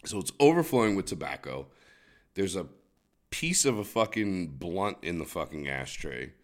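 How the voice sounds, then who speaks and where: A man's voice: deep voice, very animated, moderate pace. A man co-hosting a podcast, telling a crude, profanity-laden story in casual chat. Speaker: podcast co-host.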